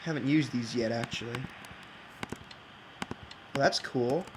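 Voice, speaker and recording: A man thinking out loud while building in a block game, rambling and hesitant, with many fillers and restarts. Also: mid-range voice, slow pace, background noise. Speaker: game video creator. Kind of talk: casual think-aloud game commentary.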